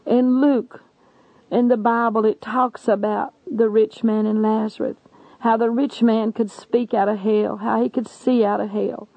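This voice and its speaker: An earnest woman evangelist delivers an imploring testimony sermon. Her voice is gravelly and somewhat high. The recording is dry and dull, lo-fi. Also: flat delivery, measured pace, no echo.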